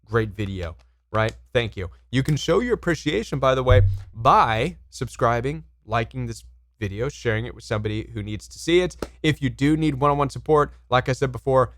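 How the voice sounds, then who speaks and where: A man's voice: medium pitch, fairly bright tone, no echo. A man coaching viewers on relationships, talking straight to camera in an emphatic, repetitive way and asking them questions. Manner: emphatic, repeats words, asks viewers questions. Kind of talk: direct-to-camera advice talk.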